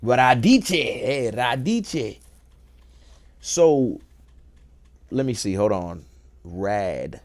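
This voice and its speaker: A man hosting a casual show, thinking aloud in a relaxed, playful way and enjoying wordplay. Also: on the low side, drawn-out words, pauses often. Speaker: host. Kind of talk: casual musing talk.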